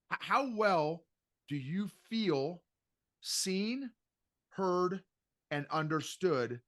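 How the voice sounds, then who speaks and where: A middle-aged man, an emotional intelligence coach, is a guest on a casual podcast interview. He coaches listeners with animated emphasis in a voice a little higher than most men's, and he keeps circling back to repeat key phrases.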